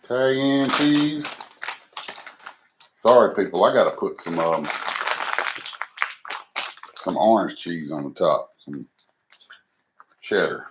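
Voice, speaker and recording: Low-voiced guy cooking live, folksy and self-mocking, noisy home recording. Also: slow pace, long pauses. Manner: folksy, self-deprecating, talks to viewers as he cooks. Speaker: cooking livestream host. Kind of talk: casual live cooking chat.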